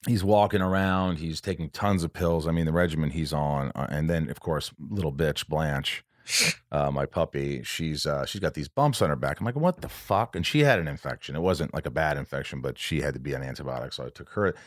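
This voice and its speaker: Podcast host, male, very low voice, dry close sound, rambling and emotional. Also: dry recording. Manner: emotional, rambling, does quick voices of friends. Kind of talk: casual chat.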